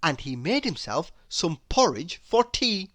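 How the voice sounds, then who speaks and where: Animated woman reading a children's story. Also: fairly low pitch, dry recording. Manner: expressive, animated reading with slow pacing. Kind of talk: children's story read-aloud.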